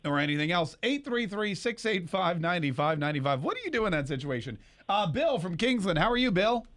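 A man's voice: high-pitched, sing-song, a little fast, a bit bright. A man hosting a morning radio show, chatting casually and rambling with fillers.

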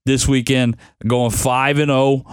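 A man's voice: mid-range voice, little pitch movement, slow, clear, resonant tone, no echo. A young man hosting a casual sports-betting podcast, laid-back and grumbling that he is tired. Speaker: podcast host picking football bets.

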